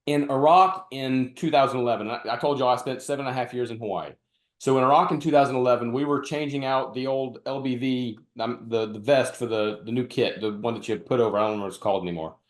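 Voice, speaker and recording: A man hosts a laid-back podcast chat and tells his army stories with gusto, slipping into the voices of the people he quotes. His voice sits at an ordinary pitch, and the room gives it a noticeable echo. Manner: animated anecdote telling with acted-out quotes. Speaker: podcast host and retired army officer. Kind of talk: casual storytelling conversation. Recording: roomy echo.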